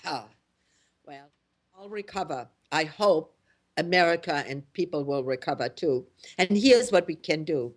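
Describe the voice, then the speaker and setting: Slow, indignant woman talk host. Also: sits low, lively intonation. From Germany. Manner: indignant, emphatic, with many fillers and restarts. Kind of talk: opinionated radio talk.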